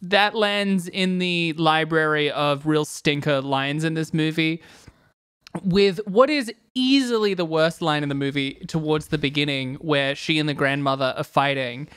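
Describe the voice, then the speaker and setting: Wry low-voiced woman podcast co-host. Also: unhurried, smooth. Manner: wry, sarcastic, acts out quotes. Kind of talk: casual chat.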